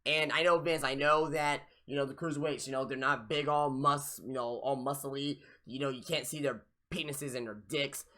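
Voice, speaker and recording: A young man hosting a live wrestling review, ranting in a profane, exasperated way with sudden loud outbursts. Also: mid-range voice, steady tone, moderate pace, few pauses. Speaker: podcast host reviewing wrestling.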